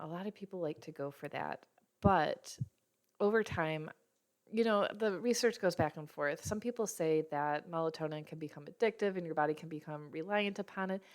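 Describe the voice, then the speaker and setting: A woman's voice: low-pitched, darkish tone. A woman in her thirties who works as a health practitioner, explaining nutrition and brain health in a casual teaching talk, with small slips and self-corrections.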